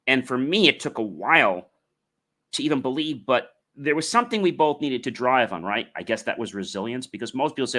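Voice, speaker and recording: A man's voice: medium pitch, sing-song, a little fast, bright, forceful tone. A man hosting a podcast interview, asking questions and rambling as he searches for words. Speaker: podcast host.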